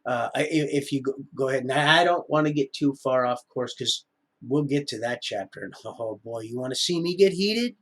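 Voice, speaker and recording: A man's voice: medium pitch, a little fast, a bit bright. A middle-aged man rambling through a live-stream monologue, often wandering off topic. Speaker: livestreamer.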